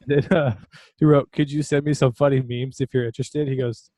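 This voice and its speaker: A man's voice: mid-range voice, little pitch movement, brisk, a little mellow, no room sound. A man co-hosting a podcast, telling a story in a loose, laughing way with lots of fillers. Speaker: podcast co-host. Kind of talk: casual chat.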